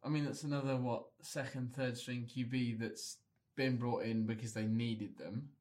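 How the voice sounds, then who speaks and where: A man's voice: mid-range voice, steady tone, normal speed, a little mellow. A man co-hosts a casual sports podcast. He speaks drily and bluntly, sharing matter-of-fact opinions. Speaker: podcast co-host.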